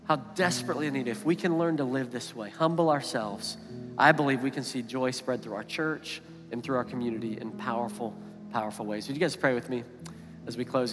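A man's voice: mid-range voice, fairly quick. A man in his thirties preaching a sermon as pastor, telling a family story in an easy, conversational way. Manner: storytelling, animated when quoting his kids. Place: church sanctuary. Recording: reverberant hall with music underneath.

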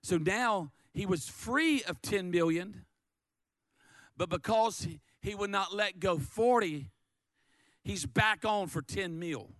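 A man preaching a sermon, animated and lively, often stammering and repeating words as he acts out the story. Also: fairly high pitch, dry recording. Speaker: pastor.

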